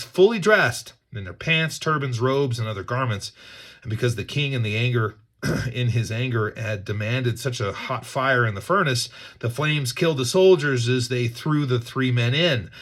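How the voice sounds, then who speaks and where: A man's voice: medium pitch, moderate pace, fairly bright tone. Earnest man reading scripture with commentary. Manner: earnest and emphatic, repeats words while thinking aloud. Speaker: Bible teacher.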